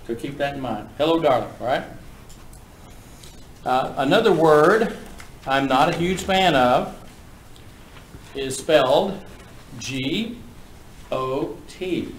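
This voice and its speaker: A man lecturing a class on auctioneering in a folksy, brisk, joking manner. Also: on the high side, lively intonation, slight background noise. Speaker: auctioneering instructor. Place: classroom with students. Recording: echoey room from a distance.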